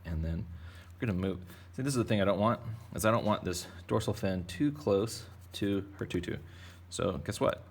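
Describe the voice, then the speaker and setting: Deep gravelly man teaching kids to draw. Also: animated, moderate pace, hardly any pauses. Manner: playful, rambling, jokey. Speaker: art teacher. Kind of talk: casual drawing lesson for kids.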